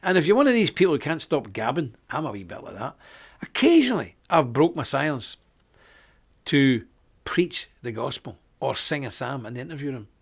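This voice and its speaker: A middle-aged man, hosting a live web show in a forceful, preachy way with sudden bursts of emphasis. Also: medium pitch, big pitch swings, normal speed, husky. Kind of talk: live-streamed preaching talk.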